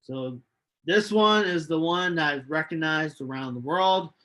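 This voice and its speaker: A male chemistry lecturer giving a recorded online lecture, unhurried and hesitant, with many ums and restarts. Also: on the high side, a bit bright. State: losing his voice, coughing.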